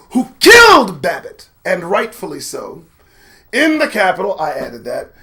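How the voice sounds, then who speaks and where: A man with a fairly high voice reads the news on his own show and riffs on it. His commentary is profane and lively, sliding between low muttered asides and loud outbursts. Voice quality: animated, profane, swings from muttering to shouting. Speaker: host.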